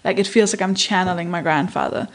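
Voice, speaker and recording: A woman's voice: on the low side, fast talker. Frank Danish woman hosting a podcast. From Denmark. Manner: lively, frank, laughs easily. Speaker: podcast host. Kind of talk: casual interview chat.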